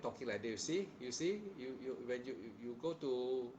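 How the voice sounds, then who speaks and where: A man's voice: mid-range voice, animated, normal speed, a little mellow, a little hiss or hum, rough recording. Stern male meditation teacher. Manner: stern and admonishing, with frequent tag questions like "huh?"; repeats phrases and restarts sentences in plain, simple wording. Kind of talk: guided meditation instruction and dharma talk.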